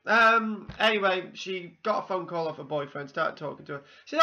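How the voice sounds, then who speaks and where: A man's voice: sits high, fairly quick, few pauses, bright, forceful tone, lo-fi sound. A man from South Wales with a Welsh accent, telling a meandering personal story full of ums and asides. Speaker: vlogger. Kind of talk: rambling personal anecdote.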